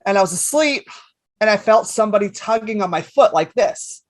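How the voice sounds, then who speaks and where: A woman in her fifties, a comedian guest on a podcast, telling stories in a lively way and swearing freely. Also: medium pitch, brisk, no room sound. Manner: animated storyteller, swears freely. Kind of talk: casual podcast chat.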